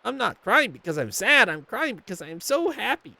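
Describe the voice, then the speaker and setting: Man doing a sweet elderly grandma for a game read-along, high and quavering, swooping pitch. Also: sing-song, brisk, creaky, bright, forceful tone, no room sound, exaggerated voice. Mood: tender, joyful. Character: frail, tender old grandmother, overjoyed.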